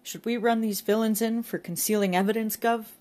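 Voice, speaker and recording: A woman's voice: a little high, brisk, pitched above the performer's own voice, close to an everyday voice. A woman doing an eager, dim young constable. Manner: overeager, excitable.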